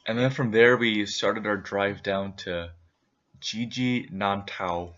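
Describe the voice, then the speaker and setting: A man's voice: on the low side, fairly even intonation, slow, a bit bright, highs cut off. A man co-hosting a casual travel recap, chiming in with jokes. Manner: joking, chiming in on his partner's lines. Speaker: co-host recapping a trip.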